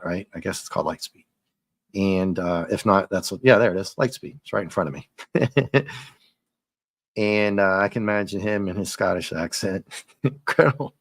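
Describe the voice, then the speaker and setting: A man's voice: lowish voice, fairly bright tone, no echo. A man giving a casual, rambling comic book review as he reads along, chuckling often.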